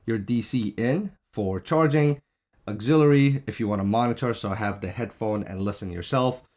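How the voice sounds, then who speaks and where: A man with a somewhat low voice talks through a product demo. He explains each button and port in a plain, matter-of-fact way, recorded on a shotgun mic. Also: normal speed, darkish tone. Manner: plain explanatory, pointing out features one by one. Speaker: product reviewer. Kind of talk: casual product demo walkthrough. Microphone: shotgun mic on a stand.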